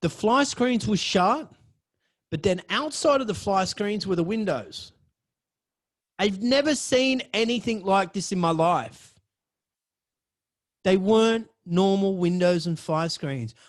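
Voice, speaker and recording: Swearing, excitable high-voiced man. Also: takes it slowly, long pauses. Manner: profane, excitable, swings from low mutters to loud outbursts. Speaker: podcast host. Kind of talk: storytelling monologue.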